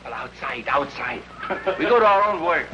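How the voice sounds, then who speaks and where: An actor playing a sensible, protective friend in an old film, scolding and reasoning. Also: male voice, mid-range voice, expressive, normal speed, background noise, natural voice. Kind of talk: 1950s film acting. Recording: dull lo-fi old film sound with music.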